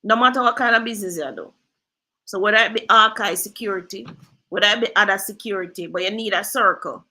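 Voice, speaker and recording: Woman host, bright tone, chatty storyteller with patois. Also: medium pitch, fast talker, poor audio. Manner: lively storyteller, drifts into patois. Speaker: real estate agent and host. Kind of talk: casual storytelling chat.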